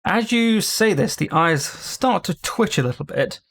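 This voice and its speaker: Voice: medium pitch, lively intonation, unhurried, fairly bright tone. A game master narrating a tabletop game with loose, laughing delivery.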